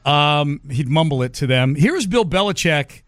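A man's voice: on the high side, expressive, normal speed, fairly bright tone, no echo. A man hosting sports radio in casual chat, laughing easily and setting up clips on a studio microphone.

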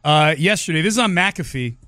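A man's voice: on the high side, animated, brisk, sharp tone, dry recording, soft background music. A man hosting sports radio in casual chat, laughing easily and setting up clips on a studio microphone.

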